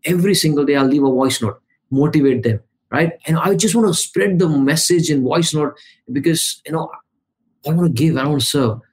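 A man, a podcast guest and coach, talking in energetic, emphatic bursts that list steps one after another. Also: a little high, a little fast. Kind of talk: conversational podcast interview.

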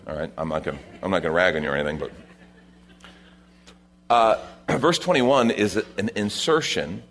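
Male pastor, low voice with lively swings, preaching with rising emphasis on a radio sermon.

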